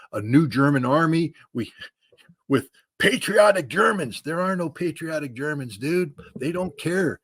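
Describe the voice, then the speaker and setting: A man speaking in a husky, slightly rough voice, recorded dry and close. He gives blunt, emphatic commentary as an interview guest. He often restarts phrases and drops casual slang. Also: medium pitch, dry recording. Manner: blunt, emphatic, repeats words, says dude.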